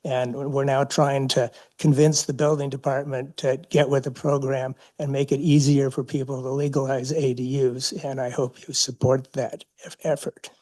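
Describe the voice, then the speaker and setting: Man, public comment, monotone, mellow, halting, council chamber. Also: mid-range voice. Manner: measured, halting with fillers.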